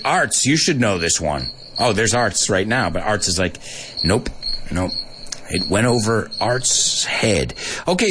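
A man's voice: medium pitch, noisy background. A man teaching English to Spanish speakers in a live online lesson. He tells jokes, laughs at his own punchlines and switches between English and Spanish.

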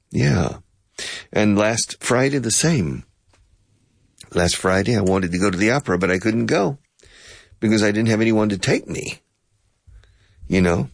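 Man, english teacher, low husky voice, dry close sound, plays both parts of a chat. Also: expressive, unhurried, long pauses, dry recording. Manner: acts out both sides of a conversation, switching pitch; explains phrases, mixing in Spanish. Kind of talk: playful self-dialogue English lesson.

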